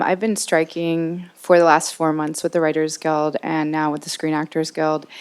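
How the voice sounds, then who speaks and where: Earnest woman with a low, flat voice. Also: clean tone. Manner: earnest, hesitant with ums. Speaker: audience member asking a question. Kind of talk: audience question at a panel. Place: university lecture theater.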